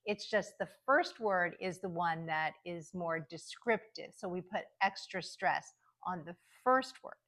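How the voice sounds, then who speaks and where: A pronunciation coach with an American accent and a slightly low voice for a woman. She talks her lesson through steadily and slows right down to say each example word with careful, clear syllables. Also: lively intonation, fairly bright tone. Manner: slow, drawn-out example words, clearly articulated.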